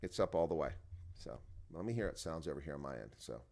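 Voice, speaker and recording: A rumbling low, darkish, creaky voice comes out animated and fast as a man hosts an early-morning rugby live stream from home. He rambles to his chat, tired and groggy, at a desk microphone turned up loud.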